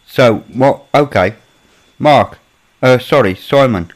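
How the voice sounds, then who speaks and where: A man's voice: medium pitch, slow. Chatty Birmingham man. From Birmingham, England. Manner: chatty, mutters while working on his computer. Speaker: live-stream host. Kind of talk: casual chat with chat readers.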